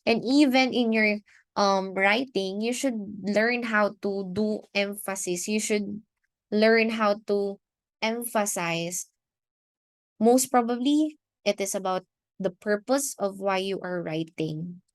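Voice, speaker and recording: A woman with a Filipino accent teaches a recorded lesson at an unhurried pace. She works through each point in a measured way, repeating and restarting phrases as she goes. The sound is dry and close, with no room around her voice. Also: medium pitch, dry recording. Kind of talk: recorded online lecture.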